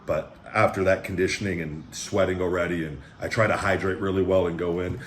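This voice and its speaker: A man's voice: low voice, fairly even intonation, a little fast, hardly any pauses, reverberant, a little hiss or hum. A man hosting a food review vlog at home, talking in a rambling, laid-back way and calling himself the big guy. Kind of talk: casual chat. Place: home room with pet dogs.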